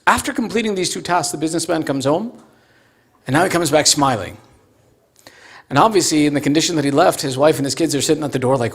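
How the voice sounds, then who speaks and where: A man telling a moral story at a mosque fundraiser in an animated, storytelling way. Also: a little high, brisk, long pauses, breathy edge. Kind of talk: storytelling sermon.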